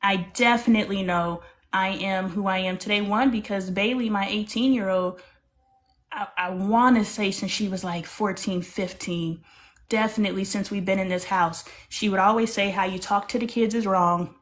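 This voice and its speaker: A woman's voice: medium pitch, steady tone, moderate pace. A middle-aged woman in a casual book club conversation, speaking in an earnest, emphatic way.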